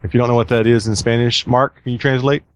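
A man's voice: mid-range voice, fairly even intonation, fast talker, no room sound. A man hosting a casual podcast, rambling and chatty with plenty of fillers. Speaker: podcast host.

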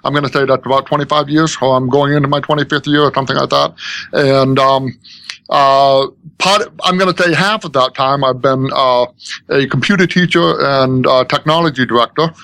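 A man's voice: medium pitch, steady tone, normal speed, vocal fry, a bit bright, no echo. A man in his fifties from Maine, a guest on a podcast, talking earnestly with many hesitations. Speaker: guest, school technology director. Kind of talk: podcast interview.

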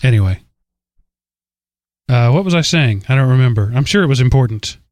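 A man's voice: medium pitch, animated, brisk, darkish tone, no echo, studio quality. A man with a Southern US accent hosting a casual podcast, rambling and self-deprecating, talking in a stream of consciousness. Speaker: podcast host.

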